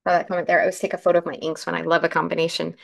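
Female craft host, croaky morning voice, friendly step-by-step live demo. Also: fairly low pitch, level tone, very fast. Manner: chatty, explains steps while working, answers comments.

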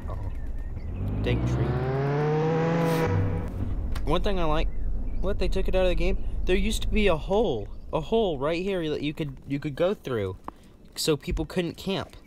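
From a bunk bed at home, a gaming channel host offers chatty, rambling commentary on his gameplay, laughing often. His voice is on the high side, expressive and unhurried with frequent pauses, and background noise is loud.

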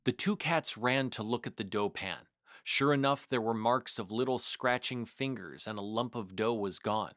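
A man hosting a storytime, reading a picture book aloud in a measured, expressive way. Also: medium pitch, no room sound, studio quality. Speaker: storytime host.

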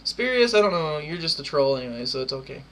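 A man's voice: fairly high pitch, sing-song, fast, fairly bright tone, a little hiss or hum. A man in his twenties delivering a profane, defiant and mocking rant to camera. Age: 20s. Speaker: gaming clan member. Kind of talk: ranting video monologue.

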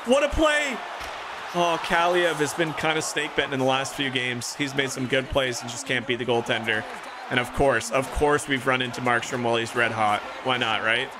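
A young man streaming a hockey video game, calling the plays like a sportscaster and reacting with excited outbursts. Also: medium pitch, background noise. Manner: excitable play-by-play, rising to shouts. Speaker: gaming streamer. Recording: music playing clearly behind.

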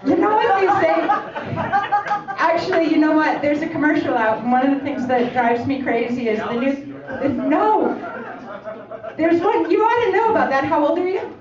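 A woman's voice: sits high, normal speed. A woman in her forties doing a chatty stand-up set in a comedy club, teasing the audience with questions. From Canada. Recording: echoey, distant, muffled club recording. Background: audience laughter and crowd.

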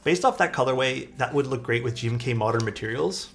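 Speaking fast in a gravelly, mid-range voice, a man unboxes keyboard parts during a casual live stream. Between thanking his chat, he thinks out loud, and faint music can be heard in the background.

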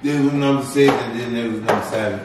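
A man's voice: mid-range voice, quick pace, recorded from a distance, very noisy. A young man co-hosting a casual food review, joking and teasing in loose slang. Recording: echoey room, voice from off the mic.

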